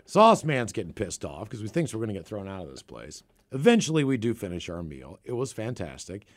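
A man's voice: fairly low pitch, very animated, a little fast. A man from the Seattle area, co-hosting a podcast, telling a profane, rambling story in casual chat. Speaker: podcast co-host.

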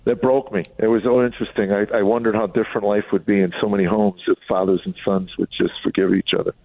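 A middle-aged man from Chicago with a very low, gravelly voice tells candid family stories with a wry, reflective edge. He comes through a narrow, tinny phone line, dry and close. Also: level tone, quick pace, no echo. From Chicago, USA. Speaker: comedian and author, guest. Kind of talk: candid storytelling in an interview.

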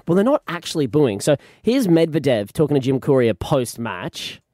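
A man hosting breakfast radio, chatty and animated. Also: fairly high pitch, normal speed, very noisy. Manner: animated, chatty, laughs easily. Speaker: radio host. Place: radio studio.

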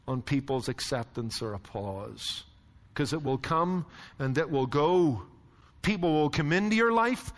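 A man with a high voice preaches in a church sanctuary, swinging between stories and rhetorical questions. His words trail off into the long reverb of a large hall. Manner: animated storytelling, rhetorical questions. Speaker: pastor. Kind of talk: sermon.

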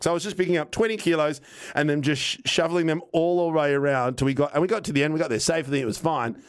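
A man, telling a casual, animated anecdote on a podcast, acting out what people said and swearing now and then. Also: on the high side. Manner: animated, rambling anecdote with acted-out quotes and swearing. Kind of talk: casual storytelling chat.

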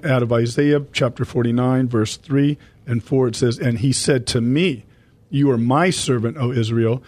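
Man, faith radio host, dry close sound, steady mid voice, folksy scripture reading. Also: medium pitch, no echo. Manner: addresses listeners as folks, reads scripture slowly. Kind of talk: Bible study radio talk.

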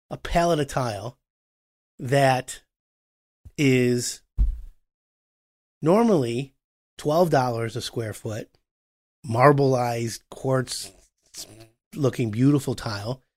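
A man hosting a talk show about home renovation, explaining with animated acted-out dialogue. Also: medium pitch. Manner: animated, acts out customer and contractor voices. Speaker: podcast host.

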